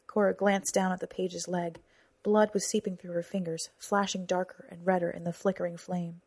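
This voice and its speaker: Reading a novel as scripted narration, this woman voices the characters with whispers and raised volume. She has a fairly low, gravelly voice that is a little mellow and slightly rough, delivered flatly at a moderate pace with no room sound.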